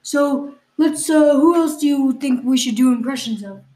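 A woman co-hosting an improvised comedy podcast, her voice sitting a little high. She questions her partner in mock exasperation, padding her lines with ums and uhs. The room around her is echoey. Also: normal speed, mellow. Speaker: podcast co-host.

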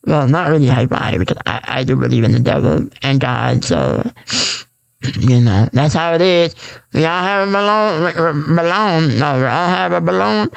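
A man's voice: a little high, lively intonation, moderate pace, gravelly, dull audio. A man hosting a raw, unscripted solo podcast, rambling and repeating himself with lots of fillers and restarts. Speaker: podcast host.

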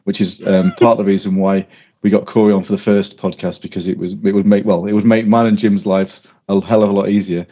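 A man's voice: lowish voice, flat delivery, brisk, warm tone. A man hosting a podcast in casual chat, rambling and laughing easily. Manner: chatty, rambling, laughs often. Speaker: podcast host. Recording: dull lo-fi audio.

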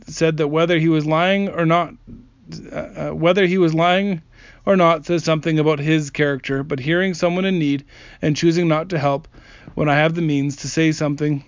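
A fairly high-voiced man reads stories aloud in an earnest, plain way, stumbling and restarting here and there. The sound is dry and a little dull, like a modest home setup. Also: fairly even intonation, moderate pace, no echo. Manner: earnest, plain reading with small slips and restarts. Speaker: narrator reading viewer comments. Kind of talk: reading stories aloud with commentary. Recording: dry, slightly dull lo-fi recording.

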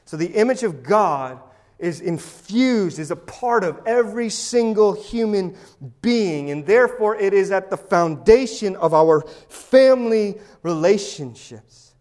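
High-voiced man preaching a sermon. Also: lively intonation, measured pace, a little mellow. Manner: emphatic, with sarcastic asides. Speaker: pastor.

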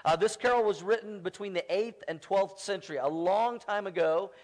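This is a man leading a church sermon, his voice pitched a little higher than most men's. He talks to the congregation in a loose, conversational way, spinning a funny story before turning to scripture. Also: moderate pace, a little mellow. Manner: conversational storytelling with playful humor. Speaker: pastor. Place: church sanctuary.

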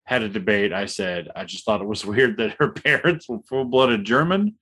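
A man's voice: lowish voice, normal speed, fairly bright tone, slightly rough. A man co-hosting a casual movie review podcast, arguing his side hesitantly with restarts and sheepish laughs. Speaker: podcast co-host.

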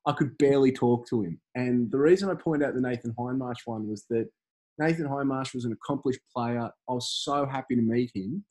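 A campaign organiser in his thirties, appearing as a guest in a casual interview, speaks haltingly with lots of fillers and restarts. His voice is medium-pitched with a darkish tone.

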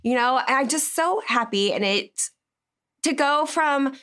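A woman's voice: high-pitched, animated, measured pace, a bit bright, clean tone. A woman co-hosting a casual chat, effusive and laughing, fighting back tears as she thanks her community. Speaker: community founder and co-host.

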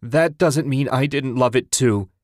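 A man's voice: medium pitch, takes it slowly, a little mellow, no echo, studio quality. A man voicing a desperate young husband who pleads with his grieving wife. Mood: begging. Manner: pleading, raised voice.

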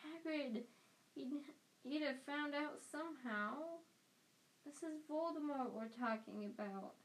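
A woman's voice: sits high, slow pace, voice pushed up, rough recording. A woman voicing an earnest young boy wizard. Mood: urgent. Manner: urgent, insistent.

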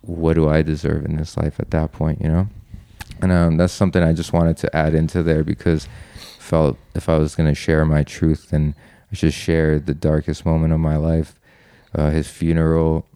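A man's voice: a bass voice, completely flat delivery, normal speed, mellow, smooth, no room sound. A young man guest on a podcast, earnestly reflecting on his past in a personal story, with frequent ums and restarts.

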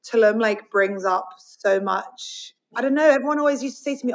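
A woman's voice: a little high, moderate pace, hardly any pauses, low-quality recording. A woman from the UK as a podcast guest in casual chat, talking openly and rambling with many fillers. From United Kingdom. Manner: rambling, open, many likes.

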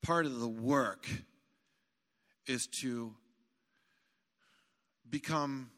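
A male pastor preaching a sermon in a church, animated and emphatic, building to shouts. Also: mid-range voice, extremely slow. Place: church sanctuary. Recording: long hall reverb.

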